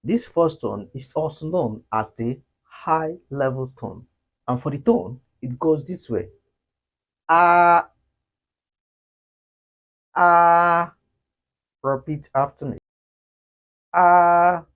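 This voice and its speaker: A man teaching a beginner Mandarin lesson, slowly demonstrating each tone with drawn-out syllables. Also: mid-range voice, lively intonation, a little mellow, breathy edge. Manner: slow, deliberate, demonstrates tones with drawn-out sung syllables.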